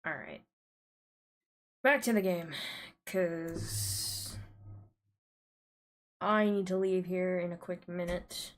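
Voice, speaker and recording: A woman's voice: fairly low pitch, slow, long pauses. A woman with a thick American Southern accent, chatting casually with rambling asides while streaming a game.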